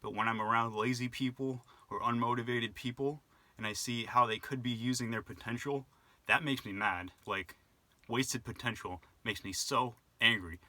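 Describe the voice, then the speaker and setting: A man's voice: medium pitch, fairly even intonation, moderate pace, bright, forceful tone, no room sound. A young man talking on his own in a rambling, reflective way, with many fillers and restarts, as a vlogger. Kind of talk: casual monologue to camera.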